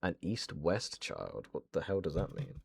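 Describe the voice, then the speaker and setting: This streamer from southern England has a deep, gravelly, slightly rough voice that swoops wildly in pitch, delivered at a measured pace. He chats casually and banters with mock outrage on a gaming livestream, captured dry and close-miked with faint game music.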